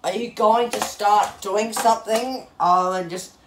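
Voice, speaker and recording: A man's voice: sits high, steady tone, measured pace, noisy background. A man, vlogging from a small home studio and muttering in exasperation as he scolds a machine. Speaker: channel host. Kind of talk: casual vlog commentary while smashing a fan. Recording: echoey room, mic far off, loud clattering.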